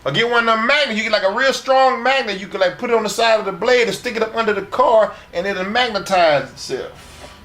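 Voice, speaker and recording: A man's voice: sits high, a little fast, bright, forceful tone. A middle-aged man in a sit-down interview, telling brash and profane stories from his wrestling years and acting out what others said. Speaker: retired wrestler being interviewed. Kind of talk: profane shoot-interview storytelling.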